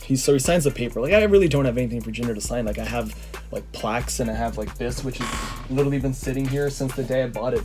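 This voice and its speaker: A young man from Canada tells a story to his camera in an excitable, rambling way. He stumbles through fillers and restarts, his voice mid-pitched. Faint music plays underneath. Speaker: vlogger.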